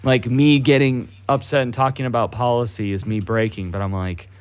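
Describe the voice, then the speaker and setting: A man's voice: medium pitch, steady tone, moderate pace, clean tone. A young man co-hosting a casual podcast, ranting heatedly with lots of swearing and mocking impressions of the people he criticizes. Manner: profane, heated, mocking voices mid-rant. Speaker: podcast co-host.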